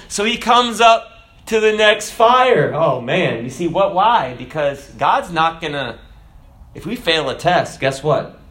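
A male pastor delivers a sermon in a relaxed, conversational way. He poses rhetorical questions to his listeners. His voice sits slightly higher than most men's.

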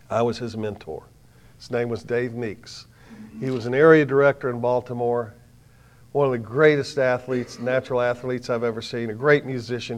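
An older man preaching a sermon, telling a story dramatically and swinging from hushed tones to loud ones. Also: medium pitch.

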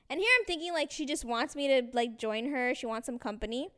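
Animated young woman telling a story. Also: sits high, a little fast, few pauses. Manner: animated storyteller, acts out quotes, swears often. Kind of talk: casual storytelling chat.

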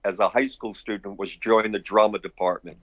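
An older man from Brooklyn, New York, who works as an artist and director, chuckles his way through long, rambling anecdotes on an interview show. His pitch is fairly low and his tone a bit bright, delivered a little fast with fairly even intonation and no room sound.

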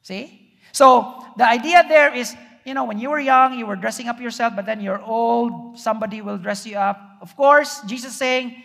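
A male pastor delivers a sermon in a notably high voice. He keeps asking the congregation rhetorical questions. His words ring out with a long trailing reverb in a church hall. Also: normal speed, vocal fry, fairly bright tone.

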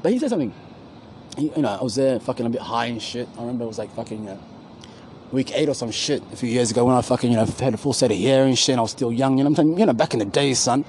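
Fast-talking profane man outdoors. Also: medium pitch, a little mellow, slight background noise, rough recording. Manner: rambling, profane, loses his words, slangy. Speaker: podcast co-host. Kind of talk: casual profane street chat. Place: outdoors at a university campus.

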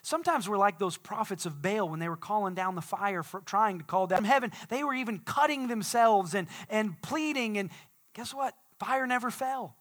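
Pastor guy preaching, high bright voice, gets loud and fiery in waves. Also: expressive, moderate pace. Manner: dynamic preaching, swelling to shouts. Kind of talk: sermon.

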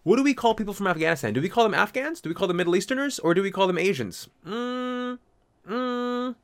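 A young man in a casual comedic monologue, rambling and animated, swearing, slipping into mock voices and laughing at his own jokes. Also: sits high, racing.

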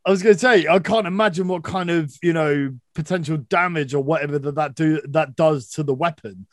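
A man hosts a relaxed podcast chat, swearing casually and reacting to his guest's stories. His voice sits a little higher than usual for a man. The sound is dry and close, with no room echo. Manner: laid-back, sweary, quick to agree. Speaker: podcast host.

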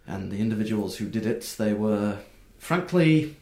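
A man voicing a grim female watch commander in a tabletop game, speaking slowly and with weight. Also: fairly low pitch, lively intonation, a little mellow. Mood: grave. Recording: echoey room.

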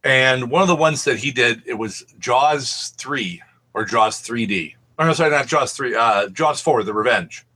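A man's voice: medium pitch, unhurried, pushed and bright, slightly rough. A man co-hosting a podcast, telling rambling anecdotes in casual chat and swearing freely. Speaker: podcast co-host.

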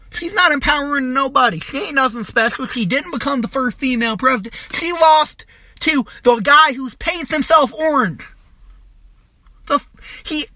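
A young adult riffs through a profane comedy rant, sneering at targets and swearing nearly every line. The voice sits bright and forward. The recording is dry and close, with no room sound. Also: high-pitched, no room sound. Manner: crude, mocking, swears constantly, trails off and restarts. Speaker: podcast host.

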